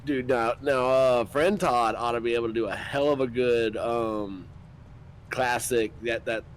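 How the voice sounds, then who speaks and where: A man's voice: medium pitch, fairly even intonation, measured pace, slight background noise, low-quality recording. A married man chatting with friends during a game stream, telling anecdotes in an offhand, joking way. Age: adult. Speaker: gaming companion. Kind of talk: casual chat while gaming.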